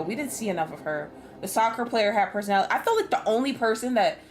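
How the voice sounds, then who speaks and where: A woman's voice: on the high side, slight background noise. Chatty, laughing woman streamer. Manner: chatty, swears freely, laughs often. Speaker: game streamer. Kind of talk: casual gameplay commentary.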